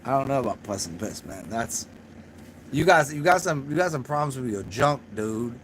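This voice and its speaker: A man's voice: medium pitch, animated, normal speed, a bit bright, slight background noise. A young man hosting a casual livestream, talking to his chat in a rambling, profane way, a little drunk and laughing at his own jokes. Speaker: channel host answering live chat.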